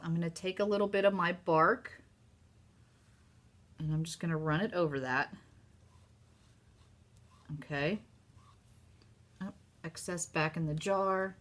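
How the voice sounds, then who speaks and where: Chatting excitedly with her viewers, a craft host with a lowish voice and a Southern US accent leads a relaxed live crafting demonstration.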